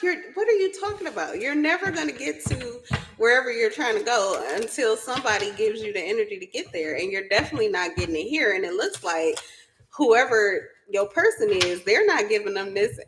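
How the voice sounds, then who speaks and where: A woman's voice: a little high, fairly bright tone, low-quality recording. A woman doing a casual spiritual reading who keeps breaking into laughter and talks bluntly, swearing freely. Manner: blunt and profane. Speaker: spiritual reader. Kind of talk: casual tarot reading chat.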